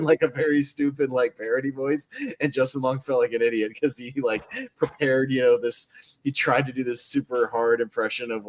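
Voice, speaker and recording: A man's voice: mid-range voice, no echo. A man hosting a podcast, chatting casually about a movie. He rambles with many fillers and laughs often. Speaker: podcast host. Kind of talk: casual film discussion.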